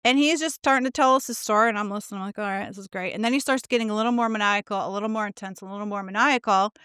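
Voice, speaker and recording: A woman's voice: medium pitch, very fast, fairly bright tone, smooth, dry recording, clean studio sound. A middle-aged woman co-hosting a podcast, telling a story in casual chat and acting out the quotes with swearing. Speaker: podcast co-host.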